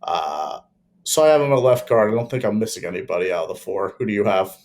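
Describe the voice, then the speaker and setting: A young man co-hosting a casual sports chat, measured and opinionated with many fillers. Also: fairly low pitch, expressive, a little mellow, a little hiss or hum. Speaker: podcast co-host.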